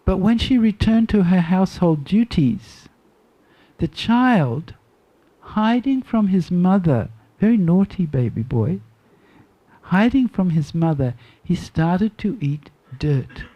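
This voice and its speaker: A woman in her seventies telling a devotional story to a class, slow and deliberate, often repeating her phrases. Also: lowish voice, lively intonation, lo-fi sound. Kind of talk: storytelling sermon.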